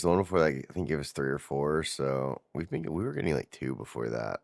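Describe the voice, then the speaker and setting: A man's voice: rumbling low, huge pitch swings, moderate pace, gravelly, no room sound, studio quality. A man streaming a game, chatting casually with viewers and swearing offhand as he plays. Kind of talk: casual gameplay commentary.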